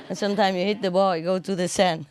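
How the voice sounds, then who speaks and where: A woman's voice: mid-range voice, fairly even intonation, a little fast. A woman telling jokes to an audience, laughing often at her own punchlines, with non-standard English grammar.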